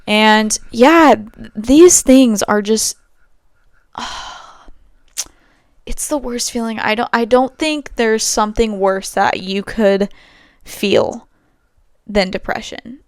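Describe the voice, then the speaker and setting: A woman's voice: a little high, slow pace, long pauses, no echo, clean studio sound. A young woman hosting a podcast at home, talking candidly and rambling, with many fillers and frequent laughs. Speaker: podcast host. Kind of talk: casual monologue.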